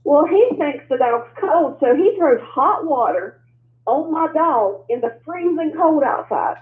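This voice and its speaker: A middle-aged woman calling in to a show, telling family stories in an excitable, exasperated way. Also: high voice, a little slow, echoey room. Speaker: caller. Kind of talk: casual phone call-in story. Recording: tinny phone line with faint hum.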